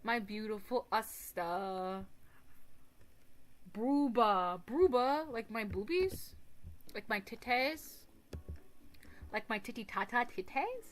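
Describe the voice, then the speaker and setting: A woman's voice: fairly high pitch, lively intonation, takes it slowly, pauses often. A woman streamer chatting casually with her viewers, rambling, giggly and crude, often mocking herself. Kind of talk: casual livestream chat. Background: faint music.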